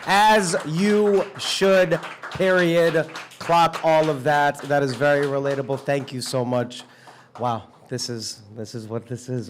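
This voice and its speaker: A man hosting an open mic, upbeat and quick as he thanks performers and calls the next act. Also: mid-range voice, a little hiss or hum.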